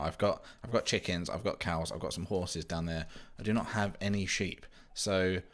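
A man's voice: low voice, fairly bright tone. A young man giving chatty, self-mocking commentary while playing a survival game. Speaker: Minecraft let's-player. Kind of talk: casual gameplay commentary.

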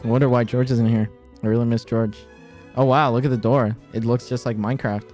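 A mock impression of a dull young male YouTuber, put on by a man on a gaming stream. He drops far below his normal pitch into a low, quiet, mumbled drone with almost no rise or fall. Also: fairly quick, faint music behind, close to an everyday voice. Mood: deadpan. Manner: flat, low, mumbled monotone.

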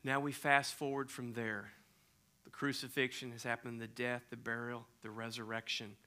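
A man's voice: medium pitch, normal speed, clear, resonant tone. A middle-aged man preaching a sermon as a pastor, retelling a story animatedly and dropping to near-whispers for effect. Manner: animated, swinging from loud emphasis to near-whispers.

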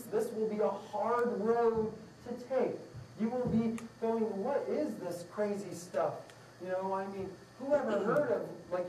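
A woman lectures a live class in a casual, rambling flow, upbeat and quick to laugh. Her voice is mellow and dark-toned. She sounds distant from the mic, in a roomy, echoing space. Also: medium pitch, a little hiss or hum. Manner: rambling, upbeat, with frequent laughs and acted-out quotes. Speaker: raw food class instructor. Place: room with a live audience. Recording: echoey room, mic far off.

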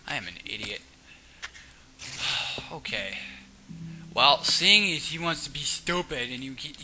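A man playing a video game and commenting, excitable, often shrieking and yelling at monsters. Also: a little high, measured pace, soft background music. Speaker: let's player. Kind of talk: casual gaming commentary.

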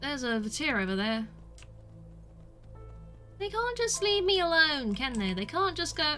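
Young uk woman streaming a game, high bright voice, self-mocking chatter, faint music. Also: sing-song, a little slow, long pauses. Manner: chatty and self-mocking, with squeals when attacked. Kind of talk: casual gameplay commentary.

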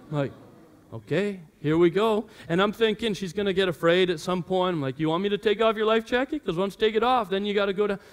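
A man in his thirties, a pastor telling a family story in his sermon and acting out his children's voices. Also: high-pitched.

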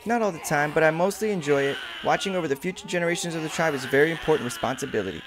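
A man's voice: on the high side, very fast, background noise, natural voice. A man voicing a busy, earnest female lizard caretaker of hatchlings in a game.

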